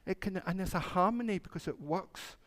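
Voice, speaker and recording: A man's voice: high-pitched, brisk, a bit bright. A man, a minister telling a playful children's story during a church service and acting out the animals.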